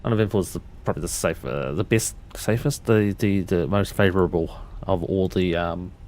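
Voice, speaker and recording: Narrating a flight simulator session on a livestream, a man with a fairly low, darkish voice speaks at a moderate pace. He talks himself through each switch and check and answers viewers in a loose, rambling way, frequently restarting sentences.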